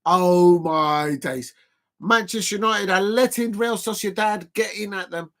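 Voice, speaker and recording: A man hosting a casual live football watch-along, chatty and excitable, counting exercise reps between remarks and shouting at big moments. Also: high-pitched, measured pace. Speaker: livestream watch-along host.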